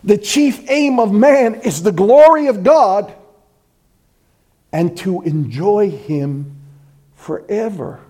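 A man preaching a sermon, swinging between loud proclamation and hushed, intimate asides. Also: high-pitched, lively intonation, slow pace, long pauses. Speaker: pastor.

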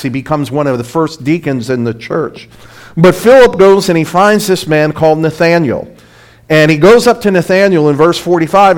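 A man preaching a short sermon and reading scripture aloud, talking in a conversational, emphatic way and often checking in with his listeners. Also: a little high. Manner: conversational, emphatic, asks the audience "right?".

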